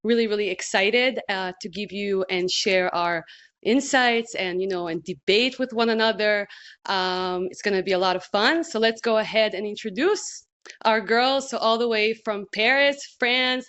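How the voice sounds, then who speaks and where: A woman's voice: medium pitch, moderate pace, a bit bright, clean tone. A woman from Israel hosting a basketball podcast, chatting enthusiastically with plenty of fillers and laughter. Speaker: podcast host, sports TV presenter. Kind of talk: casual podcast chat.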